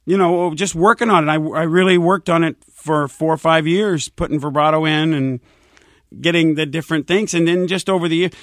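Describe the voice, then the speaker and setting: A man's voice: a little high, fairly even intonation, a little fast, no echo, studio quality. A man who is a singer, telling rambling stories in a casual interview and acting out the voices of people he quotes.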